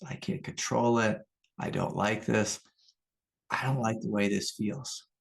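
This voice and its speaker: A middle-aged man giving a calm, unhurried spiritual teaching talk as a meditation teacher, repeating his key phrases. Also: fairly low pitch, creaky.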